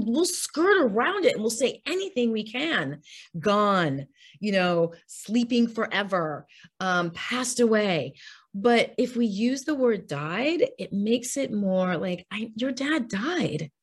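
A woman's voice: mid-range voice, animated, a little slow, husky. A woman interviewed as an author, speaking candidly and earnestly in a heartfelt, open conversational way. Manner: earnest, heartfelt, speaks openly about grief.

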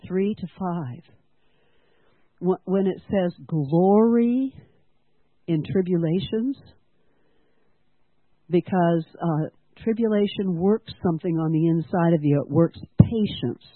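An earnest church-school teacher preaches slowly and expressively at medium pitch, quizzing the congregation and getting them to repeat lines. Audio is dry with a tinny, phone-like quality.

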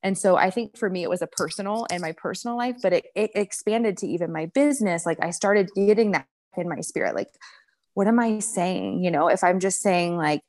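A woman in her thirties speaks as a guest on a faith podcast. Her voice is fairly low and the sound is dry and close. She is affirming and sprinkles in "like" and "you know.". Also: a little fast, a little mellow, dry recording. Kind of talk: casual faith podcast chat.

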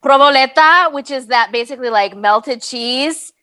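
An actress speaks hesitantly in a casual interview, laughing at herself as she talks. Her voice is high and bright. She often stops and restarts before she finds her answer. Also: normal speed, no room sound. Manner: hesitant, laughing, self-deprecating.

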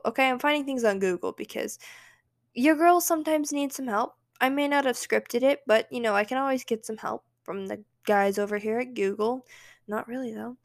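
Chatty young woman hosting a podcast. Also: a little high. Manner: chatty, emphatic, self-encouraging. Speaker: podcast host. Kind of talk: casual solo podcast monologue.

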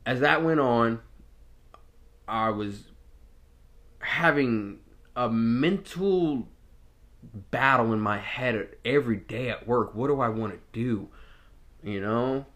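A man's voice: mid-range voice, takes it slowly, long pauses, fairly bright tone. A young man, a former corrections officer, telling his own story in a candid, reflective way, often restarting his sentences. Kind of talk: personal storytelling monologue.

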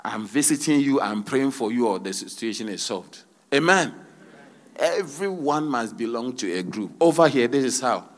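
Male pastor, mid-pitched voice, preaching in church with call-outs and rhetorical questions. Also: animated, normal speed. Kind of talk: sermon.

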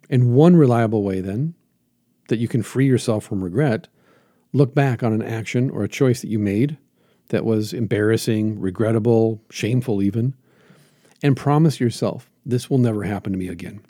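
A man's voice: mid-range voice, warm tone, no echo, studio quality. A man hosting a reflective motivational monologue as a jiu-jitsu teacher, earnest and emphatic with lots of repetition.

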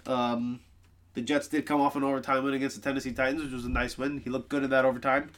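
A man co-hosting a casual sports podcast, talking through football picks in an animated, exasperated way, groaning and loosening up between points. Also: mid-range voice, fast talker. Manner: animated, groaning and exasperated about his team. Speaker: podcast co-host.

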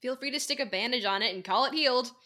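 A battered teenage girl who answers everything with dry sarcasm, read by a teenage girl. The voice sits fairly high and the delivery stays deadpan. It is an amateur audiobook. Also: fast talker. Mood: wry. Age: teens. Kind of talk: amateur audiobook character reading.

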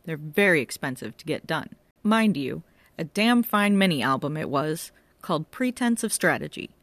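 A woman's voice: low-pitched, animated, normal speed, dry recording. Woman doing a talkative music-mad male constable, storybook reading, eager, raised voice, dry close sound. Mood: chatty. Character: chatty music-loving male police constable.

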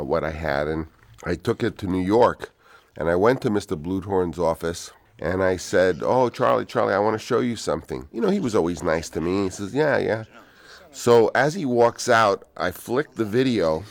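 An older man, a film director, telling rambling anecdotes in a soft, unhurried commentary. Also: low-pitched, no echo.

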